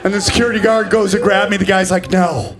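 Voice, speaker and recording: A man in his forties doing live stand-up comedy, brash and profane, bursting into shouted voices. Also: sits high, level tone, fast, noisy background. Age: 40s. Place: comedy stage before a laughing audience.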